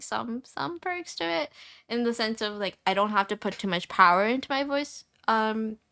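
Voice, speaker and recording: Bright-voiced chatty young woman streamer. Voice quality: high-pitched, squeaky at times. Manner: chatty, repeats herself, many fillers. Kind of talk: casual chat with viewers.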